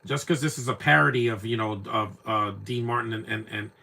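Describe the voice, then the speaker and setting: A man's voice: medium pitch, a little fast, gravelly, sharp tone. A young man giving casual live commentary on an old movie, rambling and repeating words as he searches for names.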